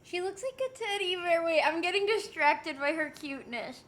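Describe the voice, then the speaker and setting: A woman with a very high, slightly bright voice talks at a moderate pace. She's livestreaming from home, chatting casually, reading chat messages out loud, and cooing at and teasing her pet between comments.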